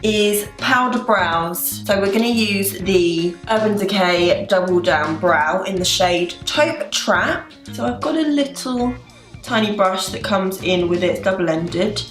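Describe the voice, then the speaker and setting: A woman's voice: mid-range voice, measured pace. An English woman chatting casually through a makeup tutorial, poking fun at her own mistakes. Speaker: beauty vlogger. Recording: roomy echo with background music.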